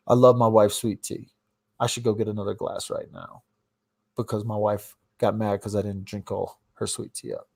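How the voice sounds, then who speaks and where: A man talking into his phone on a casual livestream, going off on rants. He jumps from loud, fired-up bursts down to quiet mutters under his breath. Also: on the low side, flat delivery, unhurried, gravelly, long pauses. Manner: ranting, swings between loud outbursts and mumbled asides. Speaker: livestream host. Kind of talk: casual live-stream rant.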